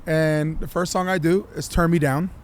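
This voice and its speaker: Fired-up guy telling a wild story on a podcast, kinda high voice, lots of swearing. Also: moderate pace. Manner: animated, profane, acts out quotes. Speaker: guest, music artist.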